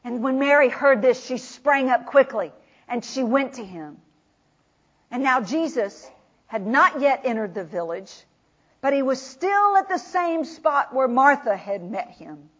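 A woman preaching a sermon, retelling scripture dramatically, swinging from loud proclamation to hushed whispers. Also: high-pitched, sing-song, measured pace. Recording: dull lo-fi recording.

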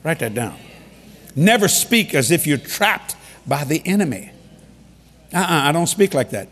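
Male preacher, husky and animated, funny storyteller, big echoing hall. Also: a little high, measured pace. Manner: animated, repeats key lines for emphasis. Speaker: preacher leading a ministry. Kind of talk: humorous storytelling sermon. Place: large hall with an audience. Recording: long reverb of a large hall.

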